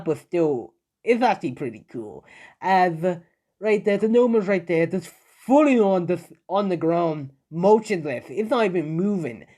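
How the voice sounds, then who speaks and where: A young man improvising a fan story out loud, rambling, with many fillers and self-corrections. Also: high voice. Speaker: fan-fiction narrator.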